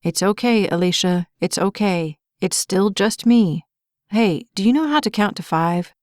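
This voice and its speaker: A woman reading a male firefighter who talks gently and patiently to reassure a scared child, in an audiobook. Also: mid-range voice, a little slow, no room sound, studio quality, close to an everyday voice. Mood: soothing. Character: calm, soothing male firefighter.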